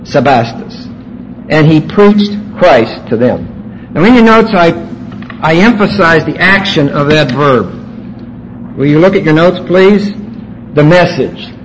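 A man's voice: on the high side, animated, takes it slowly, pauses often, a little hiss or hum, low-quality recording. A man teaching a Bible class, walking his students through their notes and stressing key words emphatically.

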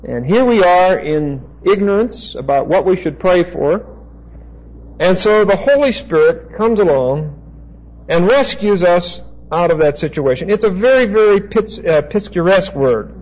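A man teaching a Bible passage as a preacher, slow and deliberate, pausing to spell out Greek words. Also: high-pitched, expressive, darkish tone, highs cut off.

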